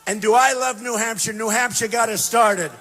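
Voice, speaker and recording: A man giving a campaign rally speech, emphatic and repetitive, swinging between shouted bursts and quiet asides. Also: very high voice, fairly even intonation, moderate pace, faint music behind. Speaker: political candidate speaking at a rally. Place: large university venue. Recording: long reverb from a big hall.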